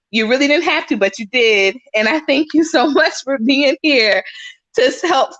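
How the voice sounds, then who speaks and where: A woman hosts a relaxed livestream, chatting to her viewers and circling back over her phrases. Her voice sits a little high with a vivid, bright edge. The audio is dry, dull and lo-fi. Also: no room sound. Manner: chatty, repeats phrases, says y'all. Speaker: livestream host. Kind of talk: casual livestream chat.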